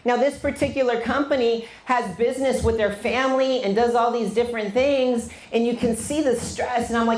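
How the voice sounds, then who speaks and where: A woman business coach fires up a live audience with blunt, swear-laced motivation. Her voice sits a little high. The sound rings out in a large, echoey room. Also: fairly quick, hardly any pauses, a little mellow, a little hiss or hum. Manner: blunt, fiery, swears freely.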